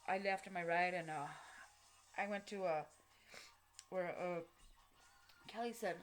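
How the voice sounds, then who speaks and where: A woman's voice: fairly low pitch, a little slow, faint music behind. A woman telling a personal story to camera, blunt and profane, in street slang with lots of fillers. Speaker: vlogger.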